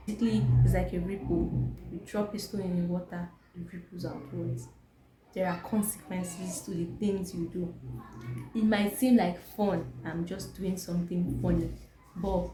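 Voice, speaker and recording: Nigerian lady ranting to camera, says like a lot, warm voice, faint room hum. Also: on the low side. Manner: emphatic, rhetorical, frequent "like". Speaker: vlogger. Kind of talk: opinionated talk to camera. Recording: echoey room, faint ambience.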